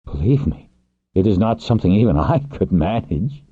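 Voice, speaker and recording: A man voicing a passionate young wing leader who speaks earnestly and gently, with intense warmth toward his partner. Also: fairly low pitch, very animated, normal speed, slightly rough, dry recording, voice pushed up. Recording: tinny phone-like, dry.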